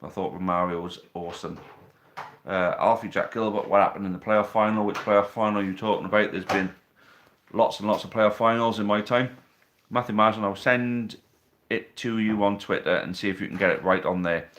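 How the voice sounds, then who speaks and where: A man's voice: lowish voice, fairly even intonation, fairly quick, a bit bright, slight background noise. A man hosting a casual live stream from home, chatting, reading out viewer questions and teasing them, recorded on a phone on a tripod. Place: living room at home.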